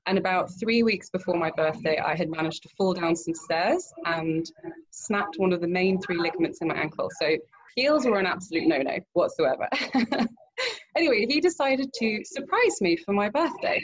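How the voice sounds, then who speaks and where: Give me a storytelling woman guest, animated and laughing, medium pitch. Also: moderate pace, muffled recording. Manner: animated anecdote with acted-out quotes, laughs often. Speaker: guest, romance event planner. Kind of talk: storytelling in an interview.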